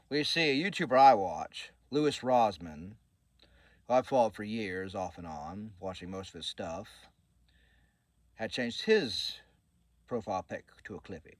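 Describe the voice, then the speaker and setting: Earnest low-voiced man giving an update. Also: dry recording. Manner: earnest, rambling with restarts. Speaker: channel host and author. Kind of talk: casual channel update.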